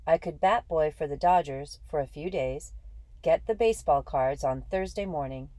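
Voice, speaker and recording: A woman reading a first-person children's story aloud in a steady, earnest way. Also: deep voice, normal speed, no room sound, poor audio. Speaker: audiobook reader. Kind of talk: first-person audiobook narration.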